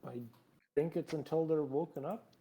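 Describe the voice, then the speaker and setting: A man's voice: on the high side, normal speed, rough recording. Hesitant man playing a tabletop game. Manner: relaxed, hesitant, with fillers. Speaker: player. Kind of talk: casual tabletop play.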